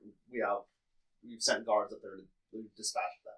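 A man's voice: on the low side, little pitch movement, fairly quick, fairly bright tone, low-quality recording. A man playing a tabletop game, bluffing playfully in character. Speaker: player.

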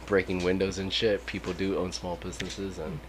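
Laid-back low-voiced man, casual podcast chat. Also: little pitch movement, brisk, slight background noise. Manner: loose, laughing, swears a lot. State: high. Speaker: podcast co-host.

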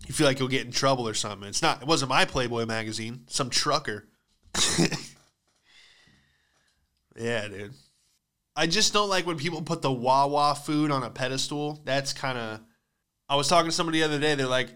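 A man's voice: medium pitch, normal speed, long pauses, pushed and bright, clear, resonant tone. A young man giving a profane, rambling comedic monologue as a podcast host, acting out the voices of people in his stories.

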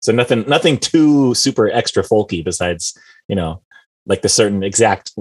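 Host guy with a lowish voice, rambles, does little voices for people he quotes. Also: animated, normal speed, slightly rough. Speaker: podcast host. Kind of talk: casual chat.

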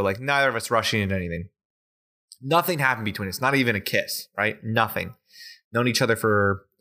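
A podcast co-host casually spins a long story, dropping the occasional swear word. His fairly low voice is bright and forceful in tone.

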